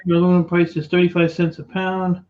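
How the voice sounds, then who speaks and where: A man's voice: sits high, monotone, fairly quick. A man chatting casually on a podcast, rambling and joking. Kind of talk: casual chat. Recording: muffled lo-fi audio with faint noise.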